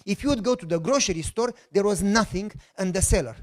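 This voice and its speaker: A middle-aged pastor from Romania, speaking English with a Romanian accent in a fairly high voice. He tells his testimony as an animated story and acts out the voices of the people in it. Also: fast.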